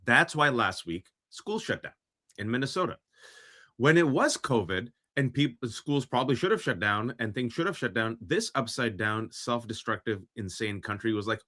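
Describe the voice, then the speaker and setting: An impassioned man co-hosts a political talk show, ranting with biting sarcasm. His voice is bright and forceful, at a middle pitch. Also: expressive, moderate pace. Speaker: co-host. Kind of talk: political commentary chat.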